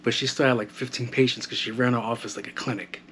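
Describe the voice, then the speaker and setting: A man's voice: mid-range voice, fairly even intonation, fast, fairly bright tone. A man hosting a casual solo podcast from home, loose and joking, swearing freely, on a modded home mic. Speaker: podcast host. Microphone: modded home microphone. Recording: faint household background noise. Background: household background noise.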